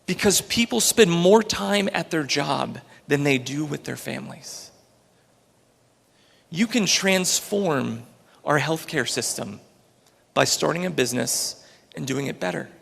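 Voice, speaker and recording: A man's voice: on the high side, expressive, unhurried, creaky, fairly bright tone, husky, big-room sound. Earnest man speaking on a big stage. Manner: earnest and storytelling. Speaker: entrepreneur giving a talk. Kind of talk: inspirational stage talk. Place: large auditorium stage.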